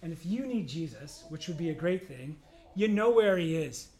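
The pastor's voice is a little high with a dark tone, expressive and at a normal speed. He preaches conversationally and jokes around, voicing the people he quotes.

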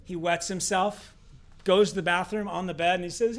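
A man co-hosting a casual faith discussion, telling a story in an animated way with rhetorical questions. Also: high-pitched, normal speed. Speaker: co-host.

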